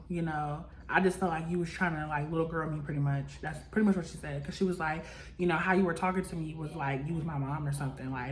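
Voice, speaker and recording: A young woman in casual chat, recapping a reality show, talking loosely with lots of "like" and acting out what people said. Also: deep voice. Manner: chatty, full of "like" and acted-out quotes.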